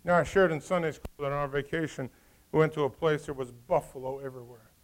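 A male pastor delivers a sermon with real animation, his voice sitting a little higher than most men's. He swings between loud, emphatic peaks and quiet, hushed asides, and he slips into the voices of the people in the story. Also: fast. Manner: animated, acts out voices of the characters.

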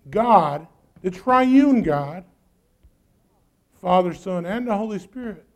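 A male pastor preaching a sermon in a church, calling out to the congregation and using folksy phrasing. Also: high-pitched. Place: church sanctuary.

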